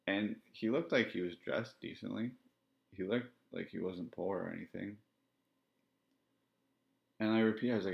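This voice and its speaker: Guy, really low voice, thoughtful halting podcast storytelling, kinda muffled audio. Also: gravelly. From Canada. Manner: reflective, halting, candid. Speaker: podcast host. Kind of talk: personal storytelling monologue. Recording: dull lo-fi sound.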